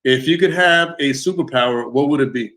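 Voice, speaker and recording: An easygoing man hosting a casual interview, speaking at a middle pitch in a relaxed, unhurried way. He drifts through his sentences with plenty of fillers. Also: poor audio. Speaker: interview host.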